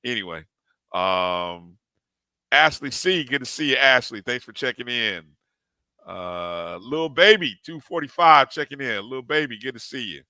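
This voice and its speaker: A man's voice: medium pitch, pushed and bright, clear, resonant tone, no room sound. A man co-hosting a live sports talk show, animatedly greeting chat viewers one by one by name.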